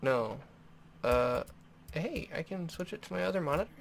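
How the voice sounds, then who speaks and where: A man's voice: a little high, lively intonation, moderate pace, creaky, a little hiss or hum. A man doing casual gameplay commentary, rambling, giggling and reacting aloud to what happens in the game. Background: game music and sound.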